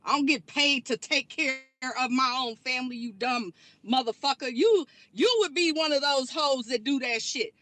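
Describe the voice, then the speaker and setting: Woman vlogger, high pitch, bright tone, blunt and profane rant. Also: moderate pace, dry recording. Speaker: online commentary creator. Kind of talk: angry rant vlog.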